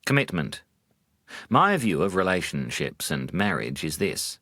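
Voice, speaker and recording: A man, a Buddhist monk, telling humorous teaching stories in a measured way with dry wit. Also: sits low, very animated, bright, forceful tone, dry recording. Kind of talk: storytelling talk.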